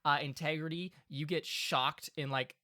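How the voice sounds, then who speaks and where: A man's voice: a little high, fairly even intonation, moderate pace, bright, forceful tone, no echo, clean studio sound. A man narrating a tabletop game as game master, rambling with lots of "like" and everyday comparisons.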